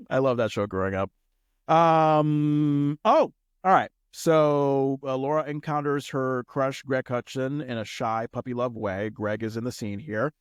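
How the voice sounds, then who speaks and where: A man's voice: medium pitch, takes it slowly, smooth, dry recording, studio quality. A man co-hosting a casual podcast recap, talking animatedly and slipping into goofy impressions. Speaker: podcast co-host.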